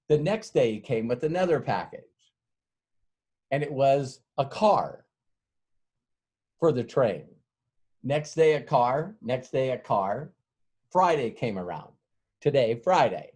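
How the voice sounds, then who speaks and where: A man's voice: medium pitch, sing-song, takes it slowly, long pauses, darkish tone, breathy edge. Man, middle-aged, sales trainer, folksy, rambling, acts out voices, laughs a lot. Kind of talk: storytelling sales training talk.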